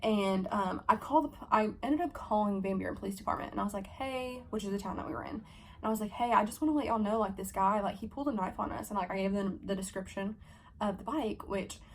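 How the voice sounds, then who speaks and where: A young woman in her twenties telling a story to camera in a fast, profane, animated vlog style, acting out her own heated lines. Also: mid-range voice, a little hiss or hum. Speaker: vlogger. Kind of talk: storytime vlog, casual chat.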